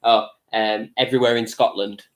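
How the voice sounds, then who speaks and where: A man co-hosting a live stream in casual chat, playful and quick with comedy quotes and one-liners. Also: fairly low pitch, level tone, fairly bright tone, low-quality recording.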